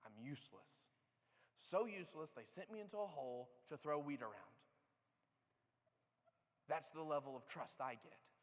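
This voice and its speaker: A man preaching, his slightly high voice ringing with the long reverb of a large church hall. He tells the story in a lively, casual way and acts out what each character says. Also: normal speed, long pauses. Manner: animated storytelling, acting out characters' lines. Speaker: pastor. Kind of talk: sermon. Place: church sanctuary.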